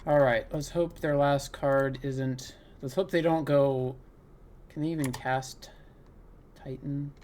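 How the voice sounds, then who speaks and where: As he plays a card game, this man talks through each move and groans, half laughing, when luck turns against him. He is a gaming content creator doing live gameplay commentary. His voice is mid-range with a darkish tone, fairly even and slow, with a little hiss or hum.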